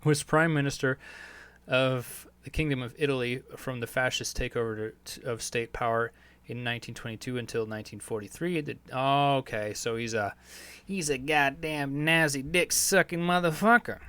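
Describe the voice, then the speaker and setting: Guy rambling on his podcast, lots of swearing and "you know", medium-pitched voice. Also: normal speed, a bit bright, smooth. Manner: rambling, profane, heavy on fillers. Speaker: podcast host. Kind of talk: rambling podcast monologue answering listener questions.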